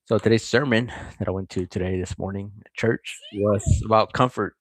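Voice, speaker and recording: A man's voice: on the low side, fairly even intonation, a little fast. A man reading a chapter of scripture aloud and breaking off to comment on it and greet his viewers. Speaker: scripture reader.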